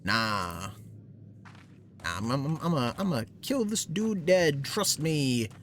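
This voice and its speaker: A man's voice: mid-range voice, sing-song, takes it slowly, a bit bright, a little hiss or hum. A man streaming a video game, giving casual joking commentary as he plays. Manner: playful, joking.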